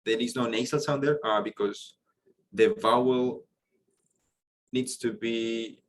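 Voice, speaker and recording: A man's voice: medium pitch, fairly even intonation, takes it slowly, a little hiss or hum, low-quality recording. A man teaching a French pronunciation lesson to students, explaining patiently with frequent fillers and restarts. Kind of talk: online class lesson.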